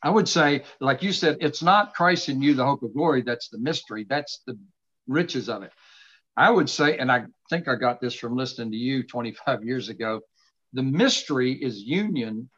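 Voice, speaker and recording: A man's voice: medium pitch, expressive, a bit bright. Earnest middle-aged man teaching on a dull call. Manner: earnest, expounding scripture with emphatic slow stresses. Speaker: host. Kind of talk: casual faith conversation, teaching. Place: home study with books behind him. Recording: dull lo-fi sound.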